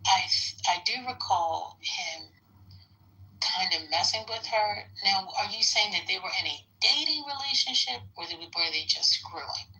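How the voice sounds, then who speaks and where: A woman hosting a casual live talk stream, chatty and hesitant with many ums, dropping into soft asides. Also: medium pitch, lively intonation, a little slow, low-quality recording. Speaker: host.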